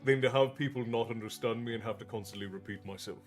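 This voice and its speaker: A middle-aged man from Newfoundland with a mostly American-sounding accent and faint Newfoundland traces, chatting with his live chat and pausing often to think. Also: mid-range voice, faint music behind. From Newfoundland, Canada. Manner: pauses to think, frequent restarts. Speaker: streamer.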